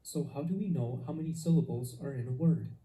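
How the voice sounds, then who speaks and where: A man teaching pronunciation, calm and deliberate, modeling each sound slowly for the learner to repeat. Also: medium pitch. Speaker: language teacher. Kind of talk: slow instructional narration. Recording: echoey room with faint background noise.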